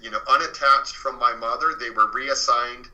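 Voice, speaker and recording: A man's voice: medium pitch, fairly even intonation, normal speed, pushed and bright, lo-fi sound. A man as an interview guest, earnestly telling a true paranormal story in a casual way, full of fillers. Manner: earnest and conversational, many fillers.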